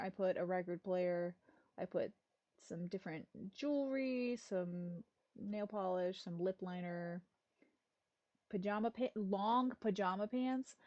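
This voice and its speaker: A woman's voice: medium pitch, warm tone, lo-fi sound. A woman streamer chatting casually and rambling through a list, with exasperated little rants. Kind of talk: casual livestream chat.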